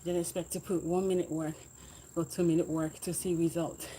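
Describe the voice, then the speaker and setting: A woman with a lowish, dark voice talks a little fast and keeps her pitch fairly flat, with a faint hiss or hum in the background. She's a fitness vlogger livestreaming from an exercise bike, chatting casually with viewers and motivating them to keep going.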